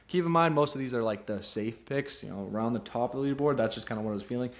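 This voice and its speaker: A man's voice: mid-range voice, racing, hardly any pauses, slight background noise. A young man hosts a solo golf betting show in a loose, rambling way. He drifts between offhand jokes and his picks, often poking fun at himself. His voice sits in an ordinary mid range for a man. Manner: rambling and self-deprecating, jumps between serious and goofy. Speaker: podcast host giving golf betting picks. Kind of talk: casual solo commentary.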